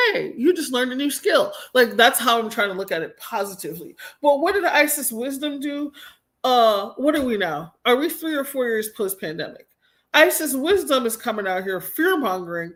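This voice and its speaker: A woman's voice: on the high side, a bit bright. Blunt, exasperated woman ranting on a livestream. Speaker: livestream host. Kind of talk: casual ranting commentary.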